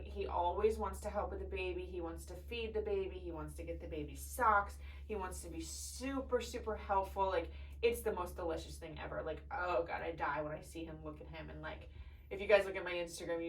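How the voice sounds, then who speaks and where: On a poor recording with a distant mic and a little hiss or hum, a young woman with a lowish voice hosts a podcast. It's a casual personal chat where she's candid and emotional, curses freely, and chokes up at moments.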